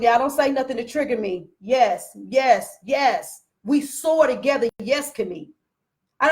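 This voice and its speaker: A woman's voice: high voice, a bit bright. A woman business coach talking straight to her followers in a blunt, profane, preachy rant. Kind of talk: unscripted live rant to followers.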